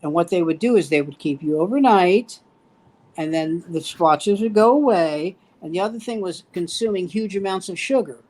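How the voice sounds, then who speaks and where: A man's voice: high voice, normal speed, darkish tone, rough recording. A man in his seventies, a stand-up comic, telling stories in casual chat and acting out the voices of people he quotes. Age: 70s.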